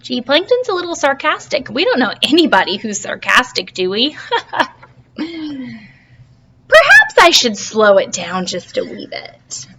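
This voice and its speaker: A woman's voice: high-pitched, big pitch swings, measured pace, pauses often, noisy background. Playful woman teacher reading to her class. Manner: playful, asks the class questions. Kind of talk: reading a storybook to a class by video.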